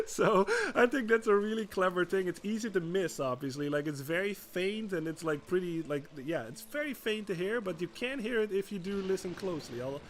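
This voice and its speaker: A man's voice: high-pitched, moderate pace, slight background noise. A man streaming a video game, chatting casually as he plays, laughing often and swearing freely. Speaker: gaming streamer. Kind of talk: gameplay commentary.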